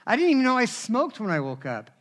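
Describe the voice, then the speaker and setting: Bright high-voiced male preacher. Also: fast. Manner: animated, conversational, asks the crowd for responses. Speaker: pastor. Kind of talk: sermon with personal stories.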